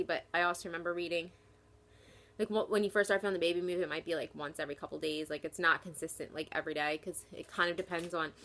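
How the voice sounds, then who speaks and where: A woman's voice: on the low side, fairly bright tone. A young woman from New Jersey chatting casually in a pregnancy vlog, short of breath as she talks and filling her sentences with "like". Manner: chatty, lots of "like" fillers. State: short of breath while talking. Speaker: vlogger.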